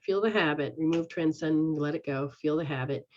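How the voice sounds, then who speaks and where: A woman's voice: low-pitched, normal speed, darkish tone. A woman healer guiding someone through a healing session, repeating a chant-like refrain and speaking directly to them. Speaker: spiritual healer. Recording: dull lo-fi recording.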